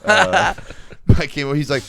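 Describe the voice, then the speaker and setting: A man's voice: a little high, takes it slowly, vocal fry, fairly bright tone, slight background noise. A man telling profane comedic stories in a casual podcast chat, often mimicking other people's voices. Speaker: podcast guest.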